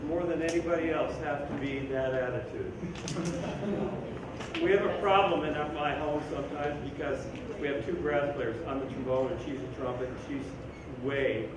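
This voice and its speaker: A band clinician rehearses a group in a school band room, animated and joking as he sings rhythms aloud. His medium-pitched voice at normal speed sounds distant in a very echoey room with background noise.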